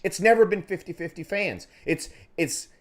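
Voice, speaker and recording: Animated man hosting a fan podcast. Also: high-pitched, normal speed. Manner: animated, profane ranting. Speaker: podcast host. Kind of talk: casual podcast chat.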